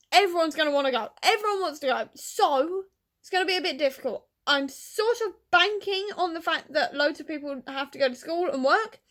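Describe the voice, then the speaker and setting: A woman book vlogger chatting casually, gushing and tearful with excitement, full of fillers. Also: high-pitched. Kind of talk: casual vlog chat.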